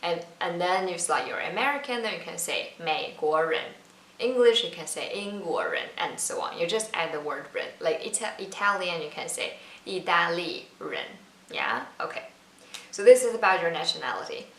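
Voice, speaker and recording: A woman's voice: fairly low pitch, lively intonation, a bit bright. Woman teaching Mandarin. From China. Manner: patient, repeats words slowly for learners. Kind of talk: casual online lesson. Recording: roomy, slightly distant mic with faint noise.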